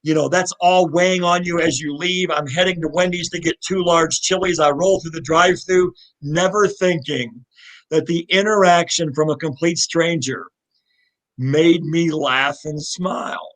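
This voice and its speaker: The recording is rough: a middle-aged man from Louisville, Kentucky, speaking as a guest in a live interview, retells his story in an earnest, heartfelt, animated way with many restarts. His voice is a little high, his pace moderate.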